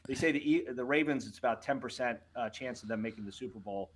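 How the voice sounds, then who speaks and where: A man's voice: medium pitch, fast talker, husky. A man co-hosting a casual podcast, talking in a chatty, hesitant way with many fillers. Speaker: co-host. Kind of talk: casual chat.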